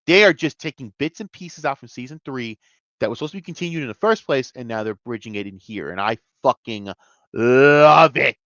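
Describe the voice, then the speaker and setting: A man giving an excitable, profane review of a TV episode, jumping between near-shouts and mutters. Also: mid-range voice, fast, no echo, dull audio. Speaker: TV show reviewer. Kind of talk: casual video review rant.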